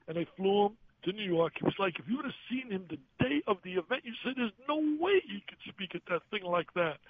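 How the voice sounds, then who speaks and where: An older man calls in as a guest and tells emotional stories with lots of animation, acting out the voices of the people in them. His voice is high, and the phone line sounds tinny with a faint hiss.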